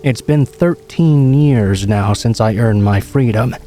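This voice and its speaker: A man reads scary stories in a calm, even narrator's voice. His tone is dark and mellow, and a steady patter of rain runs behind him. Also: mid-range voice, slow, faint music behind. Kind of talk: scripted horror story narration.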